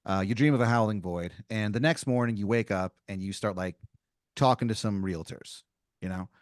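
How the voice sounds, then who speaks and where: A man's voice: lowish voice, moderate pace, dry recording. A man hosting a comedy podcast, improvising a story with a playful, rambling, filler-heavy delivery on a close mic.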